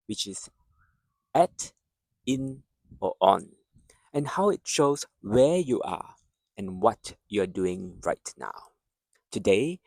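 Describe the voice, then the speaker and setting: A man teaching a beginners' language lesson, speaking slowly and clearly and modeling words for the listener to repeat. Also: medium pitch, darkish tone, dry recording, far from the mic. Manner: patient, drawn-out teaching delivery, models words for repetition. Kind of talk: slow, clear spoken lesson.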